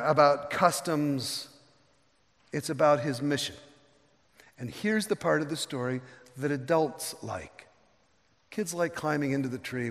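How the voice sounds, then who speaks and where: An older man preaching a sermon as pastor, telling the story with animated, folksy asides and acting out the characters. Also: a little high. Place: church sanctuary. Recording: long reverb of a large hall.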